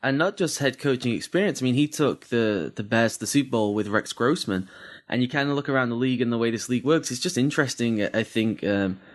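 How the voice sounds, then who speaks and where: Guy analyzing football on a podcast, mid-pitch voice, rattles off details fast. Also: expressive. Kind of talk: casual sports analysis.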